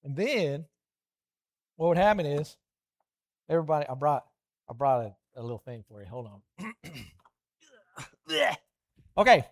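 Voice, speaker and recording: A man, middle-aged, preaching a lively children's sermon, animated storytelling with playful voiced asides. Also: on the high side, slow, pauses often.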